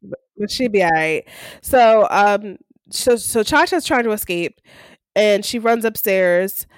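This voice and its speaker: A woman's voice: mid-range voice, animated, a little slow, clean tone, no room sound, clean studio sound. A woman co-hosting a recap podcast, casually retelling episode scenes and acting out the characters' lines. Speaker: podcast co-host.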